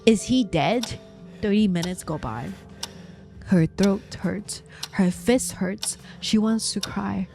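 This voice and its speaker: A woman casually retelling a thriller novel, slow and dramatic, with casual fillers. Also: medium pitch, creaky, a little mellow, soft background music. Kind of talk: casual storytelling recap of a novel.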